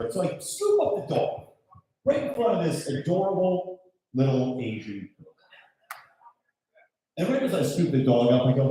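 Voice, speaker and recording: A man in his thirties doing loud, brash stand-up comedy, working the crowd and swearing freely. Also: a little high, sing-song, moderate pace, pauses often, far from the mic. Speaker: stand-up comedian hosting the show. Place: comedy show in a golf club venue. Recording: echoey room, mic heard from afar.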